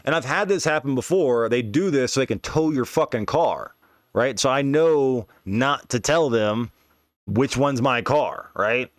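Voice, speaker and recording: A man's voice: mid-range voice, unhurried, dry recording, studio quality. A man telling a long personal story in casual, slangy speech, swearing freely and often asking "you know what I mean.". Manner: rambling, profane, slangy; leans on filler tags. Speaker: podcast host.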